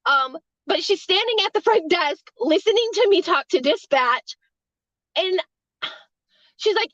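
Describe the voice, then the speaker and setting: A woman's voice: very high voice, animated, a little slow, a bit bright, dry recording, highs cut off. A woman who works a hotel front desk, telling a story casually, rambling, swearing freely and laughing between lines.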